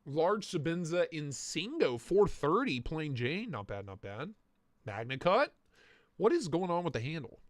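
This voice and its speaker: A man hosting a casual livestream, reviewing knife listings with crude jokes and frequent laughter, his voice going a bit hoarse. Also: a little high, big pitch swings, a little slow, no echo, clean studio sound. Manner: crude joking banter, laughs often. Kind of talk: casual live-stream commentary.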